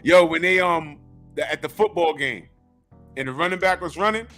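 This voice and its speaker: A man hosting a casual film podcast, talking excitedly with slang. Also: a little high, normal speed, soft background music. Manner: excitable, lively slang-filled talk. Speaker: podcast host.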